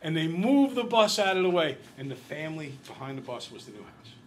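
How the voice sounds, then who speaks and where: A man's voice: on the high side, brisk, background noise. Chatty man teaching a classroom math lesson. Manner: lively, chatty storyteller who quizzes the class. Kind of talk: classroom lecture with storytelling.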